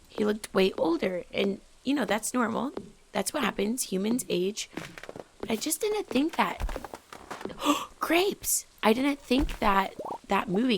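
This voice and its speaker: Slow-talking gravelly woman gamer. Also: medium pitch, a little hiss or hum. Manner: chatty, excitable, drops into whispers. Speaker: gaming channel host. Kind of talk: casual let's play commentary.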